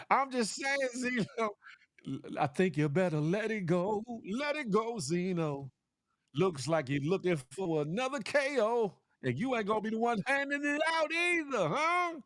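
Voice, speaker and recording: High-voiced animated man hosting a morning show. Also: a little slow, no echo. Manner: animated, swings between high teasing calls and low serious asides; playful trash talk with laughs and repeated "huh?". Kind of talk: casual commentary monologue.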